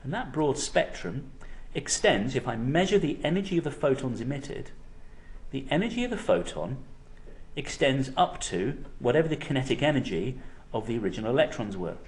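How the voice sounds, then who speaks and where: A man delivering a university physics lecture at a steady, mid-pitched level. He explains ideas step by step and keeps checking in with his students. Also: moderate pace. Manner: explanatory, frequent "okay?" checks.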